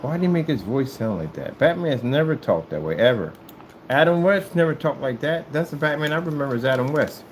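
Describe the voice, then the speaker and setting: A man talks to his viewers in a loose, rambling monologue while he works. His mid-pitched voice swings widely and keeps jumping up into a high, sing-song falsetto for jokes. Faint room hum sits behind him. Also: expressive, fairly quick, low-quality recording. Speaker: vlogger.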